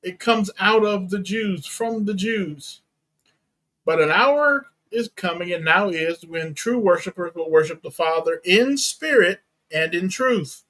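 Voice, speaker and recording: A pastor giving a teaching sermon, reading and explaining Bible verses in a deliberate way and unpacking Greek words. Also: male voice, high-pitched, lively intonation, pushed and bright, rough recording. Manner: slow, deliberate Bible exposition with Greek terms.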